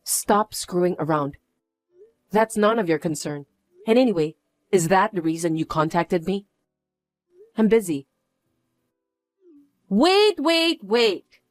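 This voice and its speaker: A woman narrating a dramatized story in the first person, answering in a flat, weary and dismissive way. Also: fairly low pitch, measured pace, long pauses, no room sound, soft background music.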